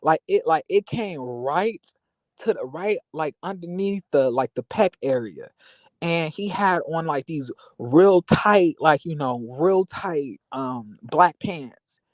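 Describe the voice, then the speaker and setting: A man's voice: fairly high pitch, animated, takes it slowly, no echo. A young man vlogging, telling a personal story in a rambling, candid way with many fillers. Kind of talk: casual venting monologue.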